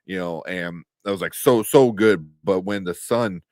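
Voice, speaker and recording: A man co-hosting a casual show review chat, animated and laughing often, with lots of fillers. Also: low voice, a little slow, no room sound, clean studio sound. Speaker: podcast co-host.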